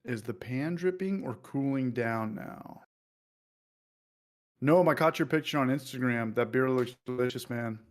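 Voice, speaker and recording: A man's voice: mid-range voice, unhurried. Joking man hosting a beer livestream. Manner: loose and joking, reads viewer comments aloud. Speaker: livestream host. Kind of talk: casual livestream chat.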